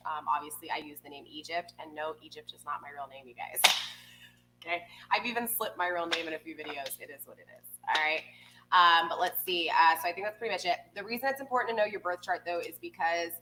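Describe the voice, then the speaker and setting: A woman's voice: lowish voice, fast, background noise. A woman in her forties hosting a tarot reading, chatting casually with viewers, rambling with lots of ums. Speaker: tarot reader, channel host.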